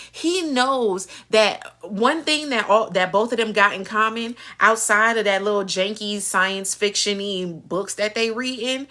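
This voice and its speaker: Hosting a live soap-opera recap stream, a woman talks in a casual, sassy way, her voice a little high, bright, and forceful. She laughs a lot and imitates the characters while she speaks.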